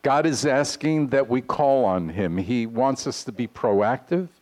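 A man preaching a sermon to his congregation, earnest and deliberate, reading scripture aloud. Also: mid-range voice, expressive, darkish tone. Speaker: pastor. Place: congregation hall.

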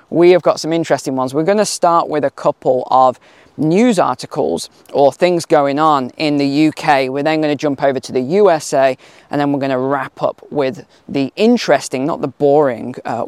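A man's voice: mid-range voice, normal speed, a little mellow, clear, resonant tone, no echo. A man hosting a casual finance talk outdoors on a hill, chatty with emphatic asides. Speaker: finance channel host.

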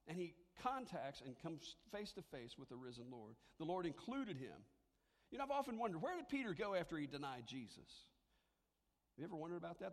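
A man preaching a sermon to a congregation, animated and conversational, sometimes dropping to a hushed, near-whispered delivery for emphasis. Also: on the high side, long reverb tail. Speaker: pastor.

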